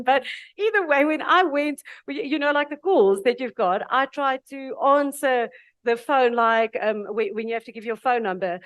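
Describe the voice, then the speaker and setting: A woman's voice: high-pitched, moderate pace, a bit bright, dry recording. A South African woman with an Afrikaans accent, speaking earnestly and with animation at a panel event before an audience. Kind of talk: reflective speech at a dialogue event.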